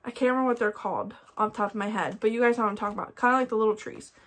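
A woman's voice: on the high side, rapid-fire. A young woman with an Ohio accent, chatting casually and enthusiastically as she reviews scented wax melts. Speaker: candle collector vlogger. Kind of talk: casual product review chat.

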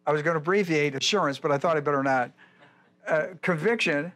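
A man's voice: a little high, fairly quick, a bit bright. An older man teaching a Bible study as pastor, folksy and digressive, often repeating himself. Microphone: whiteboard lecture in a church.

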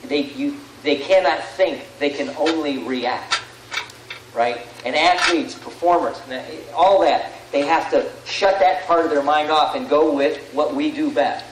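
Animated, rambling male seminar speaker, fairly high voice, roomy hall sound. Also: a little slow, slight background noise. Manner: animated, rambling, asks "right?" often. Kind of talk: live seminar talk to an audience. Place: large room with an audience. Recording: echoey room, far from the mic.

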